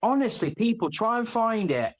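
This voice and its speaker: Man, podcast guest, lively pitch swings, animated storyteller who acts out scenes. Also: moderate pace. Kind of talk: casual chat.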